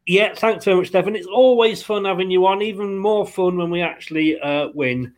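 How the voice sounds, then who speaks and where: Host: man, high voice, chatty and upbeat, laughs easily, casual football podcast banter. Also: moderate pace.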